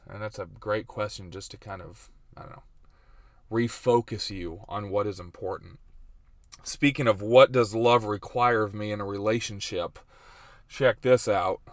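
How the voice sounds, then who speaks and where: A man's voice: mid-range voice, no echo, clean studio sound. A man in his thirties hosting a casual faith and life vlog, chatty and self-deprecating, laughing often. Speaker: host.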